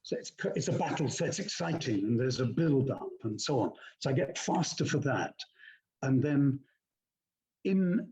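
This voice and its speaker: An older male narrator talks through his craft in a measured, explanatory way. His voice sits mid-range. The recording is dull and lo-fi. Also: mid-range voice, darkish tone. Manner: measured, explanatory, demonstrates readings aloud. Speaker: guest, actor and audiobook narrator. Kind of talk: conversational teaching.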